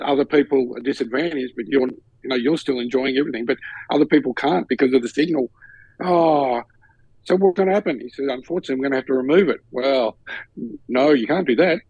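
An Australian man co-hosts a podcast, his medium-pitched voice recorded with no room sound and the highs cut off. He tells a story in casual chat, animated, acting out the voices of the people in it with laughter.

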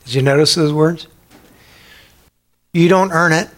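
A man preaching a sermon in an animated way, acting out the voices he quotes. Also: on the high side, a little slow. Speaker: pastor.

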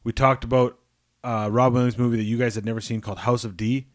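A man of middle pitch trades crude jokes on a podcast and swears constantly, his stories wandering through restarts. He is recorded close and dry, with no room sound at all. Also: flat delivery, fast, no room sound. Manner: swears freely, rambling with restarts. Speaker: podcast co-host. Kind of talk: casual crude banter.

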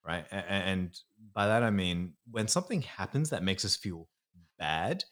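A man's voice: low-pitched, very animated, moderate pace, fairly bright tone. A man, a psychologist explaining things earnestly in a podcast interview. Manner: earnest, explanatory, slips into acting out inner voices. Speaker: psychologist guest.

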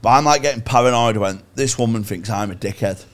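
A man's voice: medium pitch, a little fast. A young man telling a sweary, self-mocking story as a podcast co-host, laughing often. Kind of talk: casual storytelling chat.

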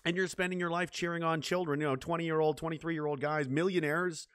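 A man hosting a casual podcast chat, ranting fast and profanely, with frequent restarts, on a close mic. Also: on the high side, fairly even intonation, fairly bright tone, smooth, no echo.

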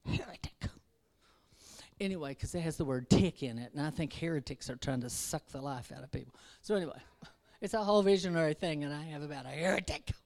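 A woman with a low voice delivers an informal sermon. She wanders and restarts herself in a conversational way, then presses into fervent exhortation. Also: fast, few pauses, a little mellow. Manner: self-interrupting, restarts verses. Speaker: preacher.

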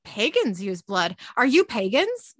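A woman's voice: on the high side, huge pitch swings, unhurried, no echo, clean studio sound, full character voice. A woman reading the lines of a prim, indignant churchgoing woman. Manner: light read-aloud of quoted lines.

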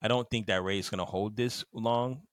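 A man's voice: lowish voice, steady tone, fairly quick, no echo. A man co-hosting a podcast in casual chat, laid-back, acting out quotes in slang. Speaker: podcast co-host.

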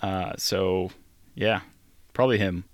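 A man co-hosting a casual podcast, answering questions with dry, deadpan humor. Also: deep voice, takes it slowly, dry recording. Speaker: podcast co-host. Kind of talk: casual chat.

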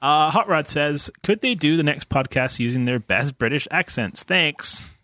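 A man's voice: fairly high pitch, moderate pace, bright, forceful tone, no room sound. A man co-hosting a casual podcast, reading listener questions aloud and answering them in an easygoing way. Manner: easygoing, agreeable, laughs along. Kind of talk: casual chat.

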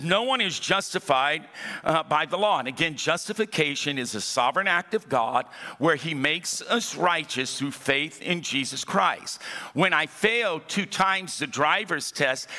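A male pastor delivers his sermon with a bright, forceful edge, his voice sitting a little above the usual male range. He drives home key phrases by repeating them and calling for the congregation to answer. The sound rings out with the long reverb of a large auditorium. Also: fairly high pitch. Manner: emphatic preaching, repeats key phrases, calls for congregation response. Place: church auditorium.

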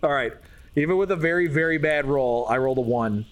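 A man's voice: a little high, a little fast, slight background noise. A man narrating a tabletop game as game master, loose and casual, with some swearing.

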